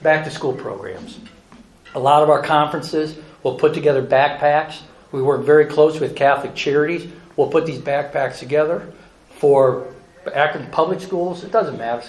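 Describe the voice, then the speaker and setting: A man giving a folksy, earnest presentation about charity work, telling stories to an audience. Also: a little high. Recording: echoey room with faint ambience.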